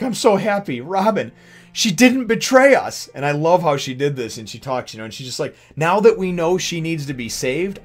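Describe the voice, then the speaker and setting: A man's voice: mid-range voice, fairly bright tone. A man hosting a casual manga review, talking enthusiastically in a rambling way full of restarts and fillers.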